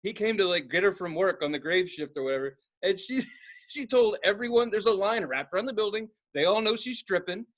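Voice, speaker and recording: A man's voice: high voice, animated, brisk, a bit bright. A man on a podcast telling a rowdy story in casual chat, swearing freely and acting out the voices in his quotes. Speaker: podcast co-host.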